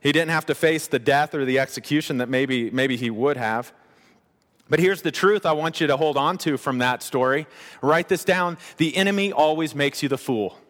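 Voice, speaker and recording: A man delivering a lively, conversational sermon, his voice sitting a little higher than most. He drops in playful asides as he preaches, and the words carry a long reverb from a large hall. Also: normal speed. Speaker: pastor.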